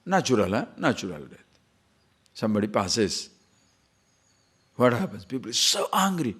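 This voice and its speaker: A man, a spiritual teacher giving a conversational scripture lecture, posing rhetorical questions and chanting verses slowly. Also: lowish voice, big pitch swings, husky.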